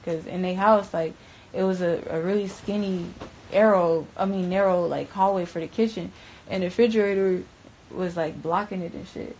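A woman's voice: fairly low pitch, fairly even intonation, moderate pace, darkish tone, a little hiss or hum, poor audio. Profane young woman from Broward telling a story. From Broward County, Florida. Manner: profane, slangy, keeps saying "bruh". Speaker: interview guest. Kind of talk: candid storytelling.

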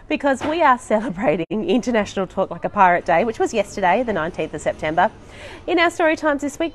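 Lively woman leading toddler songs. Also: fairly low pitch, gravelly, a little hiss or hum. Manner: sings nursery songs, chats warmly to parents, laughs often. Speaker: children's librarian. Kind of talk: live baby and toddler singalong. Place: library.

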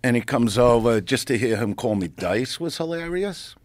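A middle-aged guest comedian in a podcast studio tells a rowdy showbiz story during a casual chat, animated and profane, acting out voices. His mid-range voice moves at normal speed, and the recording is dry.

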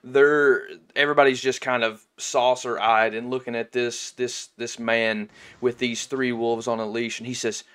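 A man narrating a tabletop game as game master, halting and restarting often. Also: medium pitch, flat delivery, fairly bright tone, smooth. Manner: halting, with many restarts and fillers.

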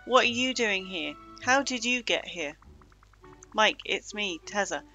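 A woman's voice: mid-range voice, lively intonation, unhurried, pushed and bright, faint music behind, rough recording. A woman hosting a let's-play video, chatting casually and muttering to herself as she plays. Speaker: gaming channel host.

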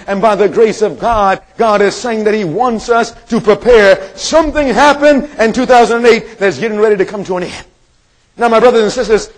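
A man's voice: high-pitched, rough recording. A male evangelist preaching a sermon to a congregation in a meeting room, emphatic and quizzing his listeners with questions.

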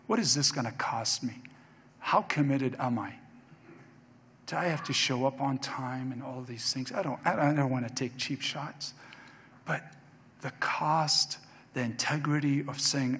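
A man's voice: medium pitch, slow pace, fairly bright tone, husky. A man preaching a sermon as pastor, emphatic and repeating key phrases for weight. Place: church sanctuary. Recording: reverberant church hall.

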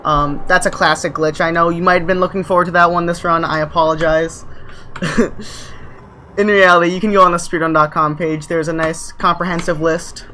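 A woman's voice: lowish voice, fairly even intonation, brisk, sharp tone, slight background noise. A woman giving live speedrun commentary in a casual, joking, filler-laden way.

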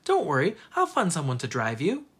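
Casting: a friendly storybook teacher, voiced by a reader, reassuring, husky. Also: medium pitch, huge pitch swings, a little fast. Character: kind, reassuring schoolteacher.

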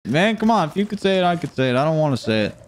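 Excitable whooping gaming streamer man. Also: a little high, rapid-fire. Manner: excitable, joking, bursts into whooping shouts; swears casually, talks to chat. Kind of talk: live gameplay commentary.

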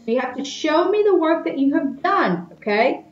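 A woman's voice: high-pitched, very animated, moderate pace, faint music behind. A woman teacher giving recorded class instructions to children, patiently explaining and checking in with "okay?". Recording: echoey room, slightly dull lo-fi sound.

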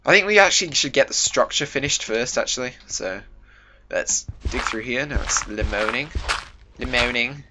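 A man's voice: mid-range voice, expressive, moderate pace, background noise. A young British man hosting a casual game commentary video, chatty and self-mocking, full of jokey asides. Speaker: gaming video host. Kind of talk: casual let's-play commentary.

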